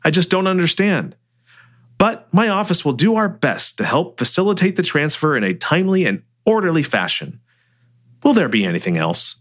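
A man's voice: on the high side, big pitch swings, moderate pace, a bit bright, pitched above the performer's own voice. A man voicing a tense, defensive financial advisor. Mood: hurt and bitter. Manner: tense, sarcastic under strain.

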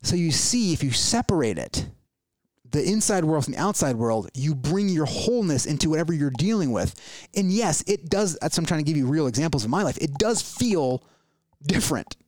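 Male podcast host, earnest motivational talker, somewhat high voice, dry close mic. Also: big pitch swings, moderate pace, darkish tone, no echo. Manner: earnest, repetitive, acts out inner worries in quoted asides. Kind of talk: casual motivational podcast talk.

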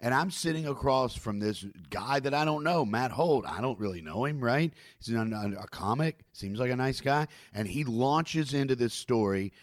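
A man's voice: medium pitch, animated, moderate pace, few pauses, no echo, clean studio sound. A man hosting a casual podcast chat who makes wry, teasing remarks.

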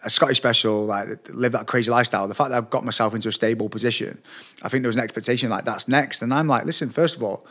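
A man in his thirties, talking fast at a middle pitch as a podcast host. He fires off probing questions and supportive remarks in a loose, conversational flow. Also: steady tone, bright, forceful tone. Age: 30s. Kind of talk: interview conversation.

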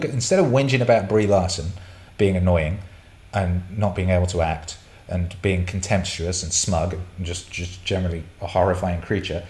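Man, middle-aged, sweary livestream host, blunt ranting delivery, echoey room. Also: low voice. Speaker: host answering chat questions. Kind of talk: casual livestream Q&A. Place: indoor room. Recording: roomy echo.

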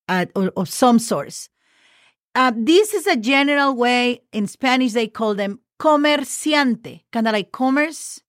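A woman's voice: fairly high pitch, dry recording, clean studio sound. A woman teaching a casual Spanish lesson, patiently spelling words letter by letter with example words and asking the listener questions.

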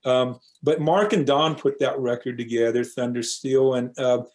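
A man's voice: mid-range voice, fairly even intonation, moderate pace, a little mellow. A man in his fifties, a guest musician, talking casually and rambling with lots of filler phrases. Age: 50s. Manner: rambling, leans on 'you know' fillers. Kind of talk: casual interview chat.

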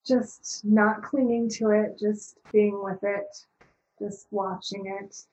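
A middle-aged woman talking slowly and calmly as an interview guest, reflective and searching, with many pauses. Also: medium pitch, muffled recording, a little hiss or hum.

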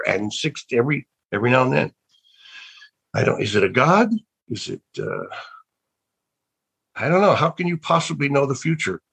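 Gravelly older man telling rambling stories. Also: medium pitch, a bit bright, rough recording. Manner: rambling, with many restarts and trailing thoughts; wondering, reflective. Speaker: actor and guest. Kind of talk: casual interview storytelling.

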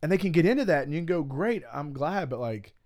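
A man's voice: on the high side, sing-song, rapid-fire, darkish tone. A man co-hosting a faith podcast, chatting casually and acting out quotes in playful voices. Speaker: podcast co-host and preacher. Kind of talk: casual chat.

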